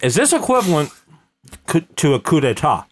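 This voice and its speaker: A man chatting casually, cracking deadpan jokes and quick questions. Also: a little high. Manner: wisecracking, quick interjections and deadpan quips. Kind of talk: casual comedic chat.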